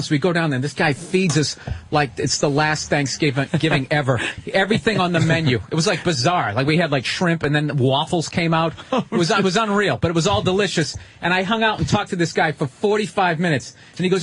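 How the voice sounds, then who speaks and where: A stand-up comedian telling animated anecdotes in casual radio chat. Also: male voice, a little high, fairly quick, husky.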